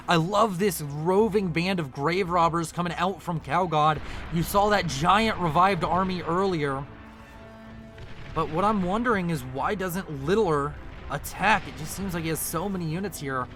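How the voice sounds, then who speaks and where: A man giving casual live commentary on a real-time strategy match, chatty and quick to correct his own slips. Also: a little high, a bit bright. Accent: non-local accent, unnamed. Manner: chatty, self-correcting, apologetic about slips. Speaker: game caster.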